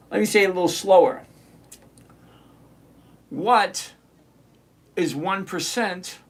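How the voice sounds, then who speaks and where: A man with a fairly high voice hosts a live trading stream. He reads out viewer names and greets them, teases the ones who slip up, and slows down whenever he explains a calculation. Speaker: livestream trading show host. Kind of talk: live-stream chat answering viewer comments.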